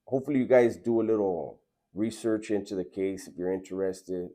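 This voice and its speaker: Man, low-pitched, casual earnest storytelling. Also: brisk, warm tone. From Southern California. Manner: laid-back, slangy, earnest.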